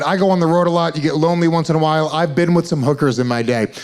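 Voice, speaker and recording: A man telling crude stories in a stand-up set, his voice sitting a bit high, brash and punchy. It comes from a live club show with the crowd laughing along. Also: fairly even intonation, racing, darkish tone. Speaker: stand-up comedian.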